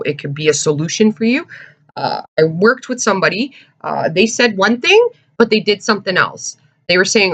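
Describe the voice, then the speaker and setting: A woman's voice: mid-range voice, fairly bright tone, lo-fi sound. A woman giving a casual tarot reading to camera, chatty, with many "uh"s, and checking in with "okay?" and "all right?". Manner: searches for words with frequent "uh" and "um". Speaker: tarot reader.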